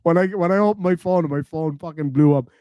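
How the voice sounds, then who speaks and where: A man's voice: on the high side, brisk, warm tone, clear, resonant tone, no echo, lo-fi sound. Sarcastic, foul-mouthed Irish man. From Ireland. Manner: sarcastic, swears freely. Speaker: live stream host reading comments. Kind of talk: casual live stream chat.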